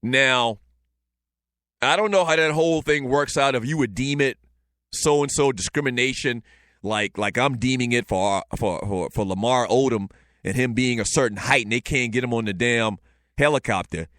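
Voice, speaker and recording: Joking Lowcountry Southern man host. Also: moderate pace, fairly bright tone, no room sound. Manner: loose, joking, storytelling with frequent fillers. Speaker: show host. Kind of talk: casual talk show reading chat.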